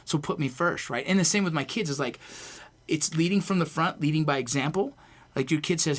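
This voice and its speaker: A man's voice: fairly high pitch, brisk. A man in casual podcast conversation, telling stories intensely and swearing freely. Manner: intense, profane, animated storytelling. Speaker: guest, veteran turned actor. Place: Los Angeles.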